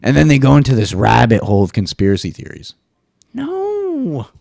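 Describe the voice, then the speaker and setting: A man hosting a casual solo podcast monologue, swearing freely and jumping into high mock voices now and then. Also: quick pace, gravelly, a little mellow, dry recording, studio quality. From US East Coast. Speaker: podcast host.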